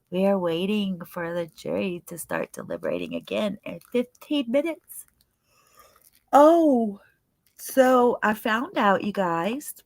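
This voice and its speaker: Her voice sits in the mid-range as she hosts a relaxed livestream chat, tired and yawning. The young woman greets viewers by name in a chatty, unhurried way, with no room sound.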